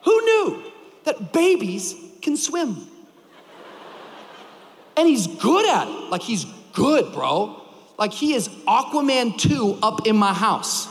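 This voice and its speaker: A man in his thirties preaching to a church crowd, his voice high and bouncing all over the place. He tells stories with big energy and bursts into shouts to drive a point home. His words ring out with a long reverb through a large hall. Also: takes it slowly, pauses often. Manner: animated storytelling, shouting for emphasis. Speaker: pastor. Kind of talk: sermon.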